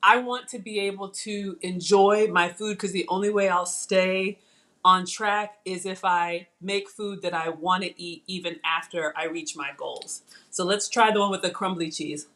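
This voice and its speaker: A woman's voice: on the low side, measured pace. Middle-aged woman, casual live cooking host, bubbly and chatty. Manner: chatty, excitable, talks while eating.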